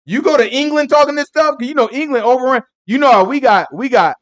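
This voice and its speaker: A man teaching a Sabbath Bible lesson in an animated, rambling way, laughing often and breaking into emphatic asides. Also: a little high.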